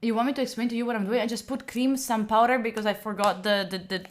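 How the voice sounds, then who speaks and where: A young woman from Italy with an Italian accent, chatting casually with her livestream viewers. She is animated, laughs often and reads chat messages aloud. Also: on the high side, quick pace. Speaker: streamer.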